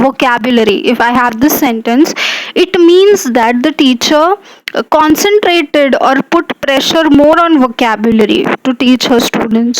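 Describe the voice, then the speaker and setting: A woman's voice: high voice, poor audio. A woman teaching a grammar lesson, explaining step by step with fillers and frequent check-ins to her students.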